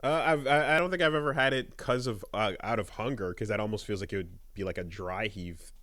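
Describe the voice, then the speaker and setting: A man's voice: fairly low pitch, a little fast, fairly bright tone, no echo. A man co-hosting a podcast, laid-back and chuckling, often restarting his sentences. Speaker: podcast co-host. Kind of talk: casual chat.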